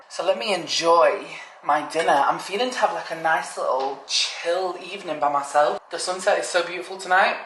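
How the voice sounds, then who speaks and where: A woman's voice: on the low side, animated, a little fast, few pauses, a bit bright. A young British woman vlogging in a casual, bubbly way, talking straight to her viewers. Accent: British English. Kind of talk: casual vlog chat. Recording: echoey room with background noise.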